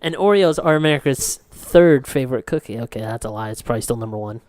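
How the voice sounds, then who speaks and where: A man's voice: medium pitch, lively intonation, quick pace, darkish tone. A young man co-hosting a podcast, telling rambling stories in casual chat, swearing freely and laughing often. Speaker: podcast co-host.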